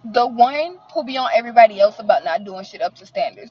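A woman ranting casually to the camera, profane and indignant, talking fast and animated while sitting in a car. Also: fairly high pitch, highs cut off, slight background noise. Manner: profane, animated and indignant, mutters affirmations softly. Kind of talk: casual venting monologue.

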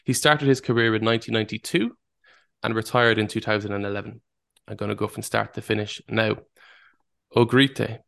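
A man's voice: mid-range voice, gravelly, fairly bright tone. A man hosting a casual football quiz podcast, reading out clues and laughing easily. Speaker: quiz host.

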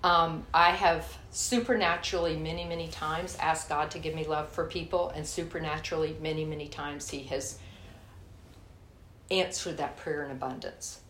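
Woman preaching casual and candid, kinda low voice, roomy echo. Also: fairly even intonation, normal speed, fairly bright tone. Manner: folksy, candid, addresses listeners as y'all. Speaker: speaker teaching a church group. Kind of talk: sermon with personal story. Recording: echoey room, faint hiss.

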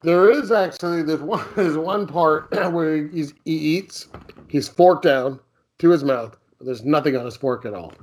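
A man's voice: a little high, measured pace, a little hiss or hum. Laughing man chatting about an old film. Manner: laughs often, acts out lines from the film. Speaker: podcast co-host. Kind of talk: casual film discussion.

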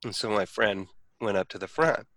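A man's voice: lowish voice, expressive, moderate pace, a bit bright, no echo. A man telling a personal story in casual conversation, rambling with many restarts and acting out quoted speech.

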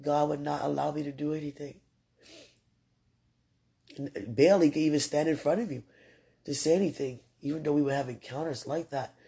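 A woman's voice: sits low, fairly even intonation, brisk, gravelly, pauses often, mellow, husky. A woman speaking casually and earnestly to her partner, rambling with restarts, religious phrasing and frequent laughter. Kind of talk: casual heartfelt talk.

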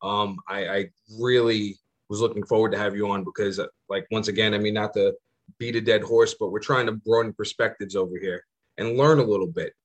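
A man's voice: fairly low pitch, steady tone, brisk, muffled recording. A man hosting a podcast in casual chat, laid-back and slangy, asking curious questions. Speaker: podcast host.

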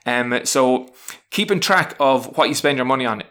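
A man's voice: mid-range voice, expressive, normal speed, fairly bright tone. Rambling man sharing everyday advice. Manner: rambling, many restarts and fillers; frank, chatty, self-deprecating. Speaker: teacher sharing self-help tips. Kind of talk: casual spoken advice monologue.

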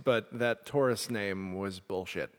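A man's voice: fairly low pitch, a little slow. Laughing man recapping in a hall. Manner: laughs often, rambling recaps. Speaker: podcast co-host. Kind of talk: casual chat.

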